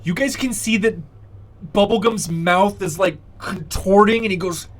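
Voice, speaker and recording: A man's voice: high-pitched, normal speed. A man running a tabletop game as dungeon master, patiently explaining the rules and narrating the scene, with many fillers along the way.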